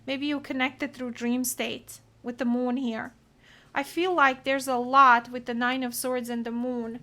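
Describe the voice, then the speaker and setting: Brief: woman tarot reader, slightly high voice, earnest and emotional delivery. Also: flat delivery, unhurried, bright, forceful tone. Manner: earnest, emotional, talks through card meanings. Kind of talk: solo tarot reading to camera.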